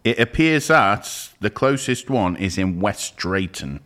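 A man's voice: fairly low pitch, lively intonation, measured pace, a bit bright. A man from the area co-presenting breakfast radio in a playful, self-mocking way on a studio microphone.

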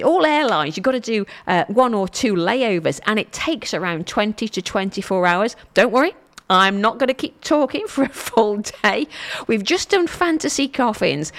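Woman, middle-aged, solo show host, chatty, rambling, self-mocking, lively sing-song pitch. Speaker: podcast host.

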